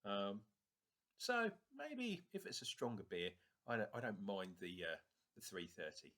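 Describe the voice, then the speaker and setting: A man's voice: fairly low pitch, sing-song, measured pace, a bit bright. A man with a northern English accent, rambling casually through a beer review vlog and swearing now and then.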